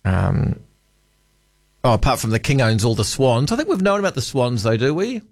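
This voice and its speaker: A man's voice: medium pitch, big pitch swings, moderate pace, dry recording, studio quality. A man hosting talk radio, chatty and musing aloud. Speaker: radio host.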